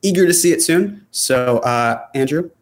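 A man's voice: on the high side, lively intonation, moderate pace. A man hosting a casual sports talk show, reading viewer comments in a loose, chatty way with many fillers and restarts. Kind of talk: casual chat.

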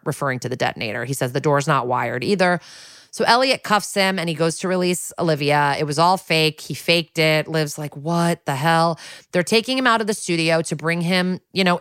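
Woman, very low voice, dry close sound, podcast co-host, lively retelling with wry asides. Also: a little fast, clean tone, dry recording. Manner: animated retelling, acting out quotes, wry asides. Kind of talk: casual recap storytelling.

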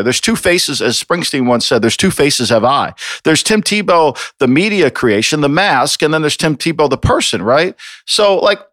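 A man's voice: medium pitch, fairly bright tone, dry recording, clean studio sound. A man co-hosting a sports podcast, ranting with exasperation and swearing freely. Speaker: podcast co-host. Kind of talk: heated sports opinion talk.

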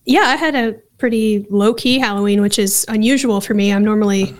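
Woman, podcast co-host, dry deadpan replies, mid-pitched. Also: a little fast. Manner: dry, deadpan comebacks with laughs. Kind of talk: casual podcast banter.

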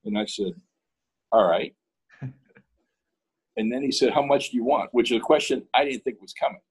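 A man's voice: mid-range voice, a little fast, slightly rough, low-quality recording. A man from Pittsburgh, a guest in an interview, telling a story in a casual way and acting out both sides of the dialogue.

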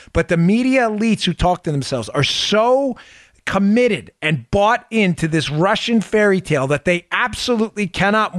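This podcast host's high-pitched, slightly bright voice comes through clean studio sound without echo. He offers emphatic, sarcastic takes on politics and repeats phrases to drive them home.

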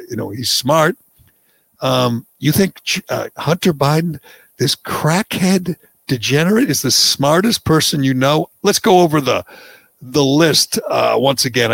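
Sarcastic talk host, gravelly voice. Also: male voice, medium pitch, no room sound. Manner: sarcastic, mocking, scornful. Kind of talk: opinionated political talk radio commentary.

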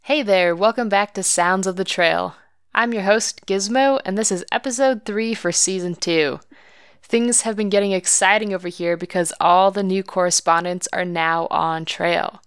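A woman's voice: mid-range voice, moderate pace, clear, resonant tone, no room sound, studio quality. A woman hosting a hiking podcast, telling a story about herself in a candid, self-deprecating way with light laughs. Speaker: podcast host. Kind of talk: scripted podcast narration.

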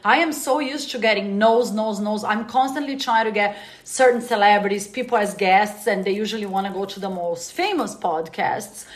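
Podcast host lady, upbeat and chatty, mid pitch. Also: moderate pace, hardly any pauses. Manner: enthusiastic, laughs along. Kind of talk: casual interview chat.

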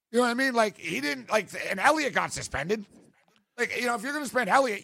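A man co-hosting a sports talk show, ranting in a casual, animated way. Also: high voice, gravelly, no echo. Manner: ranting, animated, quick asides. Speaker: sports podcast co-host.

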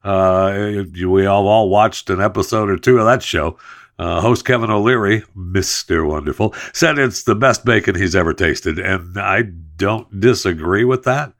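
His voice sits low and a bit bright as this podcast host speaks at a measured pace, breezing through an ad with loose jokes and playful asides, then talking sports news.

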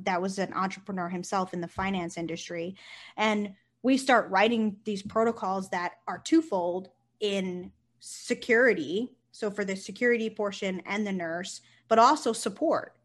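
A woman, a nurse and company founder, talking casually in an interview and telling stories with lively, acted-out quotes. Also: medium pitch. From United States. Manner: animated storyteller, acts out quotes, swears casually.

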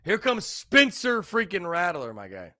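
Brief: young guy, tipsy podcast host, lively up-and-down pitch, rambling repeats, dry close sound. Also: a little slow, no echo. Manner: rambling, repetitive, loose and tipsy. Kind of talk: casual solo podcast talk.

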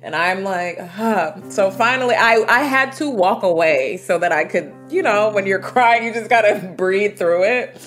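A woman from the United States, a guest in an interview, telling personal travel stories in a vivid, animated way with quoted asides. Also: mid-range voice, moderate pace, hardly any pauses, soft background music. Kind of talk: storytelling interview.

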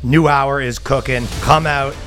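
A man's voice: mid-range voice, fairly even intonation, unhurried, fairly bright tone. A man hosting a comedy podcast, chatting casually and putting on voices as he retells stories. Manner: laughing, does exaggerated voices in retold stories.

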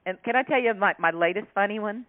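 A woman from South Carolina tells stories as an interview guest, animated and often laughing. Her voice sits at a middle pitch. The call sounds thin and tinny, like a phone line. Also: fast. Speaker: author and humorist guest. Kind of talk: storytelling interview chat.

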